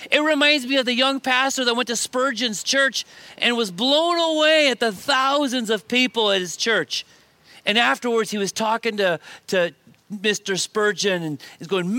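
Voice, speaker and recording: A male pastor delivers his sermon with animated emphasis, circling back to repeat his points. His voice sits high and sounds bright and forceful. The sound is dry, with little room around it. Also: no room sound. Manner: animated preaching with shifts of emphasis and repetition.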